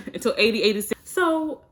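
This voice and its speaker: In a casual vlog, a young woman talks chattily and frankly to her viewers, her voice a little high, animated and a bit bright at a moderate pace. Fillers crop up often as she speaks straight to camera.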